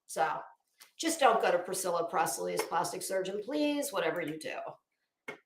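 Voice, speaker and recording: Middle-aged woman, slow and sassy fashion commentator, bright tone, echoey room. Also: on the low side, expressive, vocal fry, a little hiss or hum. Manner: chatty, opinionated and sassy. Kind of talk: casual commentary.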